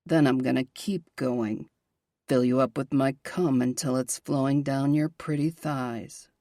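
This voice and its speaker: A woman voicing a possessive young man, murmuring low and intimately in a romance audiobook. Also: steady tone, unhurried, warm tone, dry recording, clean studio sound.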